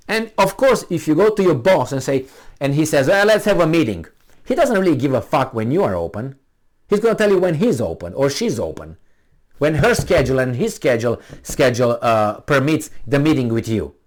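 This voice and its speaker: Guy ranting about politics, swears a lot, voice jumps all over, kinda high. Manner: blunt, profane, emphatic, acts out quoted exchanges. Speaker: political commentator. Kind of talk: ranting monologue.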